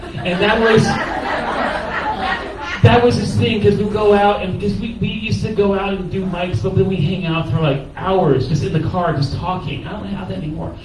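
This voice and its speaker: Man, comedian, faltering tearful memorial speech, slightly high voice, distant, boomy noisy room. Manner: halting, stammering, close to tears. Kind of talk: emotional memorial tribute. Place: crowded cafe. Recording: echoey room, taped from afar.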